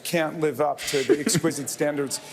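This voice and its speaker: Older male politician, slightly high voice, wry and halting, reverberant broadcast sound. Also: steady tone, crowd noise. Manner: dry wry humor, halting with fillers. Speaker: congressman interviewee. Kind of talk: television interview answer.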